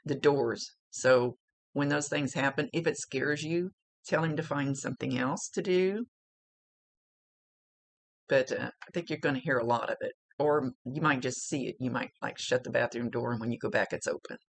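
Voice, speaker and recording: Speaking at a moderate pace in a creaky bass voice, a middle-aged psychic medium records a reading. She swears freely and comes across as chatty, emotional and blunt.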